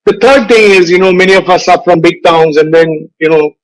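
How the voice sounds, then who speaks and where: An older man, an advertising veteran giving a motivational speech with unhurried storytelling. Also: sits high, poor audio. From India. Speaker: guest speaker, advertising veteran. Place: virtual event recording.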